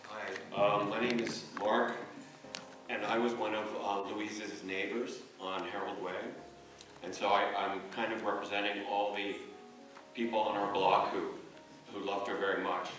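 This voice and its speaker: A man giving a rambling, hesitant memorial speech as a neighbor, telling stories with many pauses and fillers. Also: lowish voice, flat delivery. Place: church memorial service. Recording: echoey hall, distant mic, soft music.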